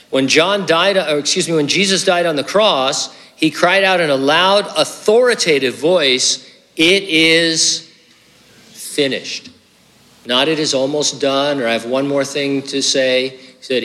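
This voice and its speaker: A man's voice: on the high side, bright, forceful tone, in a large hall. A man preaching a sermon as pastor, earnest and conversational, with hiccups and casual asides.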